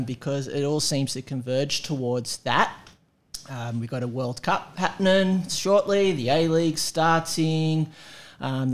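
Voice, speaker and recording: A man hosting a podcast, chatting casually with wry humor and many fillers. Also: medium pitch. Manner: rambling, filler-heavy, wry. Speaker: podcast host.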